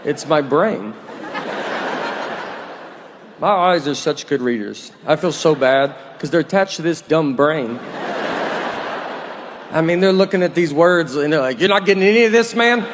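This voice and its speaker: A man in his forties performs stand-up with a dry, meandering delivery, poking fun at himself. His voice sits a little high for a man. The live recording carries a clear layer of noise. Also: lively intonation, a little slow, long pauses. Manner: dry, rambling, self-deprecating. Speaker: stand-up comedian. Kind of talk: stand-up comedy routine.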